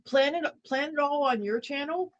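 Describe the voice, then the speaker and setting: A woman's voice: high-pitched, moderate pace, dull audio. A woman co-hosting a casual livestream chat, rambling and repeating herself while she eats dinner. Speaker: livestream co-host.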